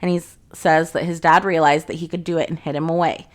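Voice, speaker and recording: A woman's voice: low voice, flat delivery, fast. A young woman casually recapping a fantasy novel in a chatty, sarcastic way, swearing freely. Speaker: book reviewer.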